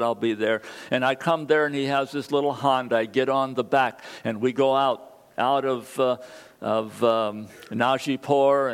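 A man preaching a sermon, telling a personal story earnestly and building excitement at key moments. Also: medium pitch.

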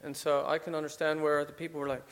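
A man's voice: a little high, completely flat delivery, fast, a bit bright. A man giving an informal Bible study, talking things over conversationally with fillers and restarts. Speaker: Bible teacher.

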